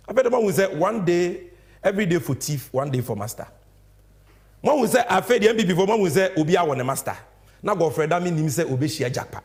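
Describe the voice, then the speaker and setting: A young Ghanaian man delivering fiery political commentary. His voice sits high for a man, and his pitch swings widely as he hammers home each point. He talks in an emphatic, animated way. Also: fairly quick. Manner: animated, emphatic, switching between English and Twi.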